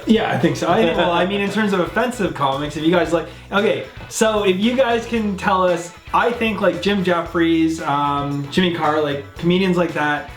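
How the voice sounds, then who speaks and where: A man's voice: high-pitched, normal speed, hardly any pauses, fairly bright tone. Rambling Canadian-raised man chatting casually. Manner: rambling, hesitant with many fillers. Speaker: reaction video host. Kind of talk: casual chat. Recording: echoey room with faint music.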